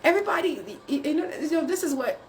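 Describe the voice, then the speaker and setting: A woman's voice: extremely high pitch, animated, racing. Woman, faith-based pep talk, faint background noise. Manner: preachy and encouraging, with rhetorical questions. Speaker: writing coach.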